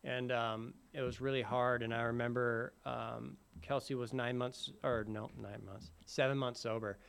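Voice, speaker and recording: A man telling his sobriety story in a halting way, full of fillers and restarts. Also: medium pitch, little pitch movement, vocal fry, a bit bright, smooth. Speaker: recovery speaker sharing his story. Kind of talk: personal recovery talk.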